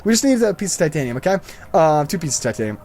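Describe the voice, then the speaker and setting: A man's voice: a little high, sing-song, very fast, darkish tone. A man hosting a gaming channel, rambling through a story with lots of fillers while he plays. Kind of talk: casual commentary over gameplay.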